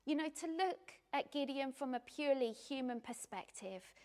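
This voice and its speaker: A woman preaching a sermon in a rhythmic, repetitive cadence, dropping to hushed near-whispers and rising to loud emphasis. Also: sits high, expressive, normal speed.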